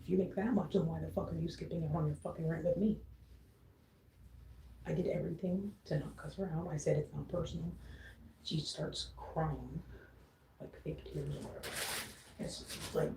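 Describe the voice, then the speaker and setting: A woman's voice: deep voice, vocal fry, dark tone, slight background noise, poor audio. A young woman venting on a casual vlog, frustrated and swearing freely as she mimics her roommate. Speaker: vlogger. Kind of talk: venting to camera.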